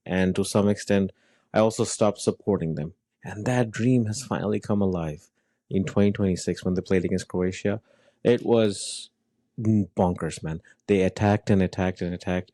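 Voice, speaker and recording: A man co-hosting a football podcast, talking in an animated, rambling way with many fillers and restarts. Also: deep voice, no echo. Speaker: podcast co-host. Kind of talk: casual football chat.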